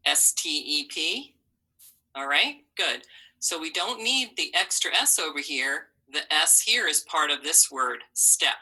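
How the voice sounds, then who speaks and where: A woman teaching a phonics lesson to young children, slowly sounding out letters and syllables with encouraging praise. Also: low-pitched, lively intonation, pushed and bright, breathy edge, poor audio.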